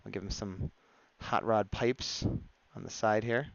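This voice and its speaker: A man's voice: fairly low pitch, fairly even intonation, measured pace, gravelly, dry recording, lo-fi sound. Playful man chatting while drawing on stream. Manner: playful and chatty, laughs at his own jokes. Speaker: live-stream artist.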